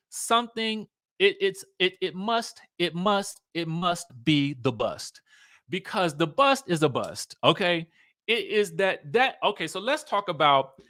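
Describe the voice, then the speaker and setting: A young man speaking hosts a casual live stream, full of sass and playful repetition. His voice is bright and sits a little high for a man. The sound is dry and close, with no room echo. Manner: sassy, animated, playful drawl, repeats himself. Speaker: host.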